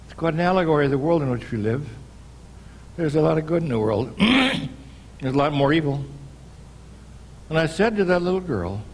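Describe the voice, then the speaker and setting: Older American pastor telling a story. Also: male voice, a little high, animated, a little hiss or hum. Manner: unhurried storyteller, pausing and restarting. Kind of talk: sermon storytelling. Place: church.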